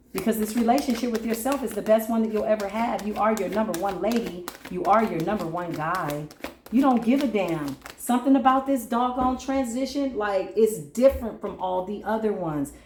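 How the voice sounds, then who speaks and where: A woman giving a spiritual tarot reading in a vlog, animated and slangy with casual swearing, now and then breaking into sung bits. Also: mid-range voice, echoey room. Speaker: tarot reader.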